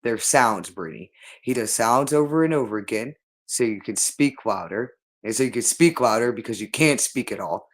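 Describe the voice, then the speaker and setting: A man's voice: medium pitch, normal speed. A man speaking a rambling monologue, repeating himself insistently and addressing the listener directly.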